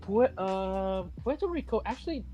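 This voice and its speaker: A man from China co-hosting a casual live stream, explaining haltingly with many fillers. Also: high-pitched, animated, dark tone. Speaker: stream co-host. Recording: faint music behind.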